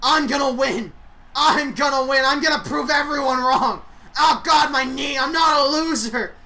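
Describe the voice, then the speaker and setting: A woman voicing a whiny, desperate male wrestler who pleads and shouts at the crowd. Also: high voice, a little slow.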